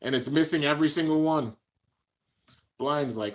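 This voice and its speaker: While reacting to an anime, a man gives excited, slangy play-by-play commentary, shouting out at the big moments. His voice is fairly high, at a moderate pace with long pauses.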